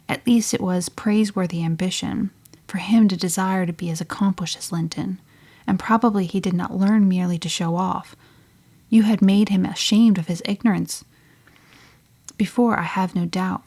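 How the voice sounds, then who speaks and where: A woman voicing a kindly older housekeeper who earnestly and gently reproves a girl, in an audiobook. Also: mid-range voice, close to an everyday voice. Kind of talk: audiobook reading.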